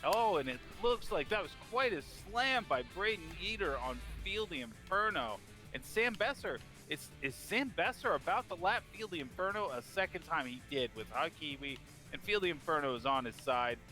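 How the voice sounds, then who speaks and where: Bright-voiced man calling a race. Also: on the high side, moderate pace, faint music behind. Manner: eager, builds excitement at crashes. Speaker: race commentator. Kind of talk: play-by-play commentary.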